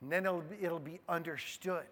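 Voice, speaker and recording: A man preaching a sermon to a group of men in a conversational way, swinging between hushed low asides and loud, emphatic stresses. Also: moderate pace. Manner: conversational, addresses the men in the room. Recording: long hall reverb.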